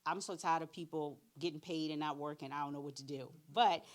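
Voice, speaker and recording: Low-voiced, animated woman storyteller. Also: a little fast. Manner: animated storyteller, acts out both sides of conversations; direct, candid, plain-spoken. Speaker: career readiness speaker. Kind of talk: church workshop talk with acted-out anecdotes.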